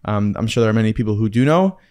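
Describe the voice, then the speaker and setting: A man's voice: fairly low pitch, expressive, fast, a little mellow. Chatty male podcast host. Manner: chatty, teasing, rambling questions. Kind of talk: podcast interview.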